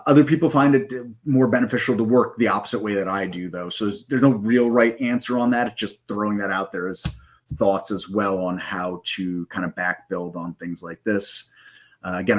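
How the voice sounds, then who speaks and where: A man hosting a live trading stream, walking through software in a loose, rambling way with many fillers and self-corrections, and hiccups now and then. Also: deep voice. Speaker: live trading room host.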